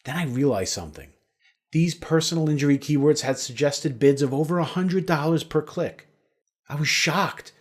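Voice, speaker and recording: A man's voice: a little high, moderate pace. A man narrating a scripted sales webinar in an upbeat promotional manner.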